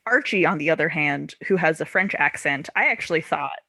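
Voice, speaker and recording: Woman podcast host, low and animated, dry close sound, laughs a lot while chatting about books. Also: fairly quick, no echo. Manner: laughs often, self-correcting. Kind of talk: casual book discussion.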